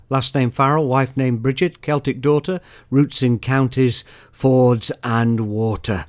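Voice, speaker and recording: A man's voice: medium pitch, fairly even intonation, a little slow, no echo, clean studio sound. A middle-aged man with an English accent reciting his own poem in a wry, sardonic way. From England. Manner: wry, sardonic verse delivery. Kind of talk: poetry recitation.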